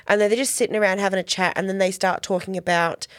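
A woman's voice: mid-range voice, steady tone, fast, fairly bright tone, no room sound, studio quality. A woman co-hosting a podcast, chatting casually and giggling as she recaps a TV episode and quotes the characters in playful voices. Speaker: podcast co-host. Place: cold home garage studio. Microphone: podcast microphone.

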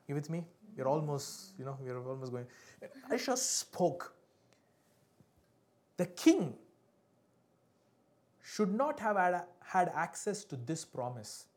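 A man, preaching a sermon to a congregation, swinging between loud emphatic peaks and quiet drops and often asking his listeners to respond. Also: fairly high pitch. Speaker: pastor.

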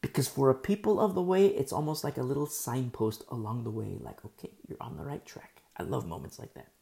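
A very deep voice with vocal fry, moving a little fast, belongs to a middle-aged woman teaching an informal Bible study sermon. Her style is conversational, and she repeats key phrases and stammers once excitement sets in.

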